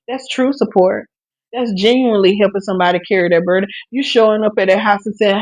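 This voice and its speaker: Speaking fast in a darkish, medium-pitched voice with fairly even intonation, the woman comes through a low-quality, echo-free recording. As a live-stream podcast host, she preaches a testimony on faith and grief, earnestly and with many restarts, offering direct encouragement to listeners.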